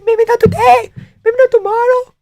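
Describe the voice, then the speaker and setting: A man doing an impression of a young male fighter in a squeaky, very high falsetto-like voice, earnest and accented. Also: little pitch movement, moderate pace, a little mellow, dry recording, clean studio sound. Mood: earnest vow.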